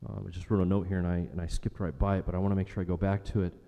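A man preaching a sermon earnestly, repeating phrases for emphasis and slowing down on key lines. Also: deep voice, level tone, gravelly, warm tone. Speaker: pastor. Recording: long hall reverb.

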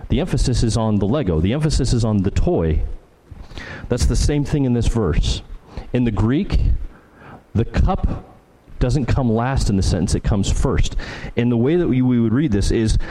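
A man's voice: mid-range voice, expressive, normal speed, warm tone, rough recording. A man preaching a sermon in a conversational way, with frequent fillers and asides checking that his listeners follow. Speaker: pastor.

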